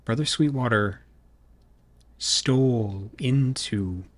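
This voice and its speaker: A man narrating a tabletop horror game as storyteller, in slow, hushed descriptive narration. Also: medium pitch.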